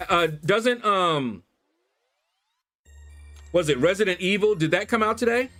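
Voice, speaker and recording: He has a high voice and speaks a little slowly, a man from Kentucky hosting a laid-back livestream chat. Into his desk USB microphone he tells animated stories, laughing and putting on squealing mock voices over faint background music.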